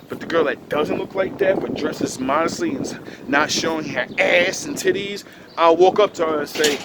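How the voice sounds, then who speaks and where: Male vlogger, slightly high voice, a confrontational street rant full of profanity, with loud vehicle noise around him. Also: normal speed. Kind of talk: casual rant to camera.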